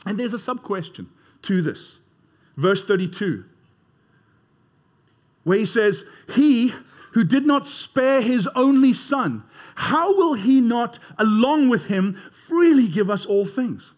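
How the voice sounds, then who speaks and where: A man's voice: very high-pitched, expressive, slow. A man preaching a sermon in a conversational way, leading the congregation in call-and-response. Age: 30s or older.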